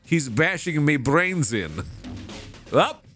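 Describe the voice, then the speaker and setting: Excitable guy doing let's play commentary, swears a lot, voice jumps all over. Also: a little high, slow, faint music behind. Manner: excitable, swears and laughs while playing. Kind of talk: casual gameplay commentary.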